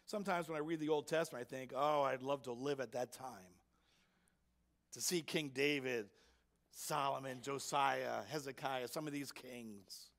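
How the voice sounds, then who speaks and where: A man's voice: mid-range voice, normal speed, vocal fry, fairly bright tone. A man preaching a sermon as pastor, emphatic and asking his congregation rhetorical questions. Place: church sanctuary.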